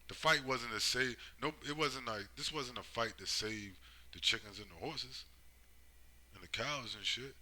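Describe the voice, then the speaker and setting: A man's voice: mid-range voice, moderate pace, pushed and bright, slight background noise, poor audio. A man giving a rambling, profane monologue, driving his points home with constant tag questions. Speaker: commentator. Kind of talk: casual monologue.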